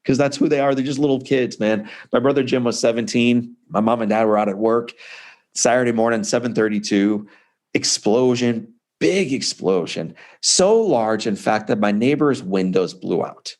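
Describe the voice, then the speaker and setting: With a darkish tone and mid-range voice, a man in his forties who writes and speaks shares his personal story during an interview. He keeps a normal pace and an emphatic, conversational energy.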